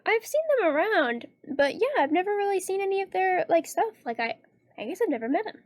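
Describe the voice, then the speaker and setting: A woman's voice: extremely high pitch, lively intonation, fairly quick, no echo, studio quality. A woman streaming a horror game, chatting casually, reading out comments and rambling through her theories with frequent laughs. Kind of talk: casual let's-play chat.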